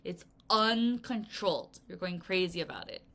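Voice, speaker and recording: A woman teaching a recorded vocabulary lesson for children, explaining words in a playful, expressive way and counting the class in to read aloud. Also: on the low side, moderate pace.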